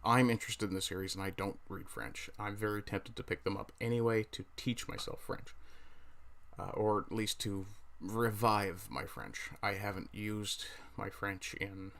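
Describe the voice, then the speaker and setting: Newfoundland man with a low voice, chatting casually. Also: moderate pace, gravelly, fairly bright tone. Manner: rambling, self-correcting, chatty asides while browsing. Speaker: livestream host. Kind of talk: casual livestream chat.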